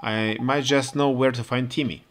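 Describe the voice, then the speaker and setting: Brash, scolding fairy companion, pitched up and loud, played by a man reading all the parts. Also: fairly even intonation, moderate pace, a little hiss or hum, close to an everyday voice. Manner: brash, scolding, rough slangy talk. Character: cheeky pushy male fairy companion.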